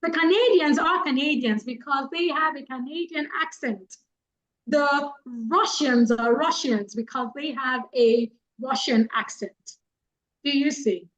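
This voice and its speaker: A woman's voice: high voice, measured pace, a bit bright, dull audio. A woman with a Nigerian accent giving public speaking advice, emphatic and repeating points for effect. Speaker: guest speaker.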